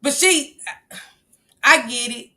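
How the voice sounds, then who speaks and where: A woman hosting a casual livestream, reacting emphatically to viewer comments, blunt and quick to laugh. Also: high-pitched, bright, forceful tone. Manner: laughs often, blunt and profane. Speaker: livestream host reading viewer chat.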